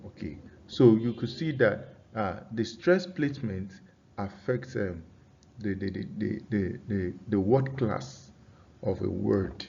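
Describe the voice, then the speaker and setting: A man teaching an English pronunciation lesson, dictating deliberately and repeating key phrases so students can take notes. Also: fairly low pitch, creaky, warm tone, a little hiss or hum. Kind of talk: classroom-style dictated lesson. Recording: slightly dull lo-fi recording.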